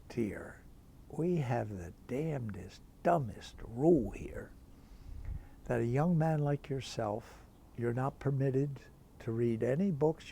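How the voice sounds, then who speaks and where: A man quoting a kindly old priest teacher, gravelly. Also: medium pitch, mellow, slight background noise. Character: kindly older male priest teacher, enthusiastic.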